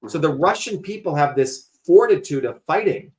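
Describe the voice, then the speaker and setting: A man's voice: a little high, lively intonation, moderate pace, a little mellow. A man hosting a talk show, lecturing emphatically in casual conversation and cursing freely. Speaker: host.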